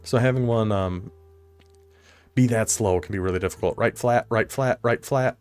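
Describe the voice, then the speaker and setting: A man giving casual play-by-play commentary on a football video game, excitable and quick to laugh. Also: on the low side, smooth, soft background music. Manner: excitable, laughs often, talks to the viewer. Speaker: commentator of an online video game dynasty league.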